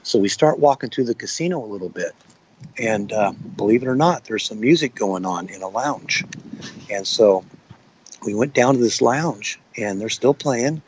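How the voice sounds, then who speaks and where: A man's voice: on the low side, expressive, normal speed, dull audio, a little hiss or hum. A man recounting what he witnessed in an interview, plain-spoken and rambling. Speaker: eyewitness.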